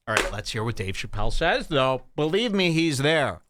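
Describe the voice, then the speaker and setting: A man's voice: medium pitch, normal speed, very noisy. A man hosting a podcast, reacting to clips with casual, mocking commentary. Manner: animated, mocking, jumps between loud and quiet.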